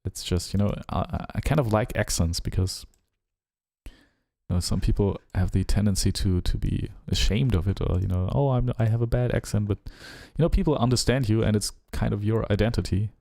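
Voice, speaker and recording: A man with a German accent chatting casually during a live music-production stream, musing and relaxed, humming rhythms and trailing off. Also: fairly low pitch, normal speed, creaky. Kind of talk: casual live-stream chat while working.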